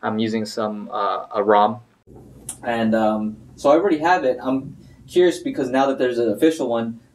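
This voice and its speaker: A man's voice: medium pitch, steady tone, moderate pace, darkish tone. A man hosting a tech podcast, chatting casually at an office conference table, rambling a little with fillers. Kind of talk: casual chat.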